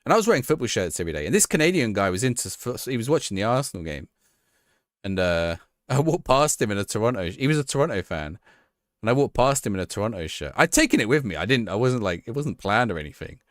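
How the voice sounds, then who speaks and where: Low-voiced man streaming a football game. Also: big pitch swings, fast, no room sound, clean studio sound. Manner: chatty, thinks aloud and reacts to the game, talks to chat. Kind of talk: casual live-stream chat.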